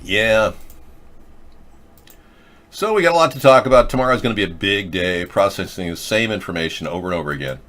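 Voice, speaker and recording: A middle-aged man talks through a loose, rambling monologue as host of his own show. His voice sits low, and his tone turns sarcastic as he jumps from one topic to the next. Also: animated, brisk, pauses often, fairly bright tone.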